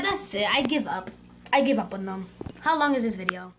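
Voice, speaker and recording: A woman giving excitable gameplay commentary for her channel, with dramatic outbursts and moments of frustration. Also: medium pitch, a little fast, a little hiss or hum. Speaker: gaming YouTuber.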